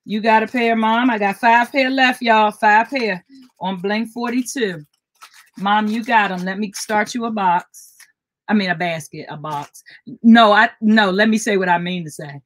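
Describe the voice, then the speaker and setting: A woman's voice: medium pitch, unhurried. An older woman hosting a live jewelry sales stream, chatting with viewers and repeating item codes.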